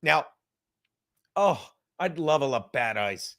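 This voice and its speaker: His voice on the high side, creaky and sharp yet expressive, a man in his fifties takes it slowly while hosting a casual livestream from home. He rambles and swears, laughs often, drinks as he talks, and at times drops to a whisper.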